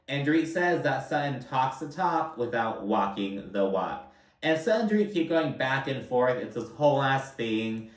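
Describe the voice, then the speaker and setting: A man's voice: medium pitch, lively intonation, moderate pace. Young man, casual recap, rambling, cussing, roomy echo, distant mic. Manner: chatty, lots of filler, swears freely. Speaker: reality TV recap host. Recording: roomy sound, voice a bit off-mic.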